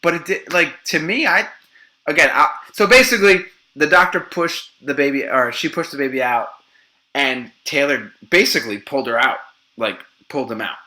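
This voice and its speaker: A man sharing a story on a podcast with a bright, forward voice that sits a little high for a man. He swears freely and acts out what the people in his story said. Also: normal speed. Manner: profane, animated storyteller acting out quoted voices. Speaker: podcast guest.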